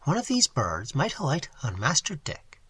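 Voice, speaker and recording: A man's voice: on the high side, huge pitch swings, moderate pace, bright, forceful tone, slightly rough, exaggerated voice. A man reading the part of a saucy young woman who teases and protests, in an audiobook. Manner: teasing, indignant. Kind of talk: audiobook character voice.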